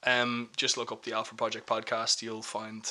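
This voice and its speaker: A man's voice: lowish voice, monotone, normal speed, bright, forceful tone. A man from Ireland, a podcast guest rambling in casual chat. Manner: rambling, with frequent "like" fillers.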